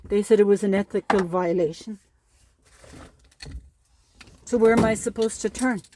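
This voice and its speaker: A woman's voice: mid-range voice, moderate pace, background noise. A woman speaking a personal monologue to camera as a parent, upset and pleading, repeating herself.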